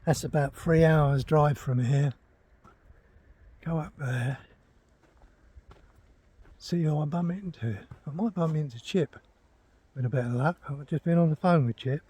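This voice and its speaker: An older retired man vlogs while walking outdoors through a forest, chatting casually and talking to his dog. His voice is on the high side, warm with a breathy edge, and he speaks at a measured pace with frequent pauses.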